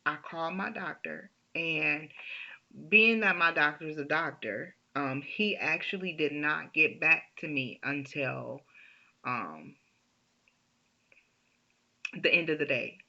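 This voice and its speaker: A woman telling a personal story in a halting way, often restarting her sentences, on a dull lo-fi recording. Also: sits low, creaky, pushed and bright.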